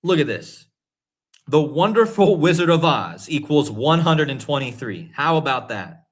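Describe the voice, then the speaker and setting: A man with a slightly high voice hosts a casual livestream. He talks with eager emphasis, going back over his points again and again for the viewers in the chat. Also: unhurried. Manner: excited, emphatic, repeats himself. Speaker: host. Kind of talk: livestream commentary.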